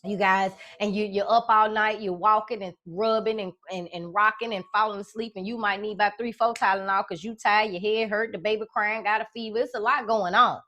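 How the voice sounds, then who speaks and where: A woman's voice: medium pitch, fairly even intonation, brisk, few pauses, pushed and bright. Folksy middle-aged lady coach talking to her followers, keeps saying y'all and baby, pretty emphatic. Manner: folksy, emphatic, repeats phrases, addresses viewers as y'all and baby. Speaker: life coach. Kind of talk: casual motivational talk to followers.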